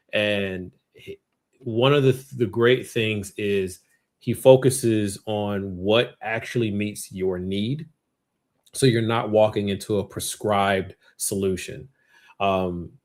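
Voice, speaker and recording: A man with a somewhat low voice hosts a casual online chat show. He speaks in a relaxed, halting way, filling pauses with ums. The sound is that of a video call. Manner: relaxed, hesitant with many ums. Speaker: host.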